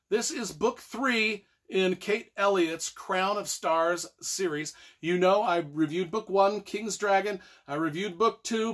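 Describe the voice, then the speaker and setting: A man's voice: high voice, fairly bright tone. A middle-aged man, an author reviewing a book on camera, exasperated and profane, stressing his points again and again. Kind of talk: ranting book review video.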